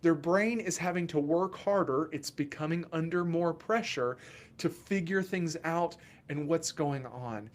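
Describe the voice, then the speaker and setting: Animated man giving parenting advice. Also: a little high, unhurried. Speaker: children's mental health therapist. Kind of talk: casual educational talk to camera.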